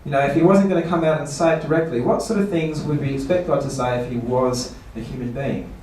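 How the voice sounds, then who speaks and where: A man's voice: mid-range voice, steady tone, fast talker, darkish tone, slight background noise. A man, a pastor giving a seminar talk, asking rhetorical questions and playfully mock-quoting people. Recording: echoey room, voice from far off.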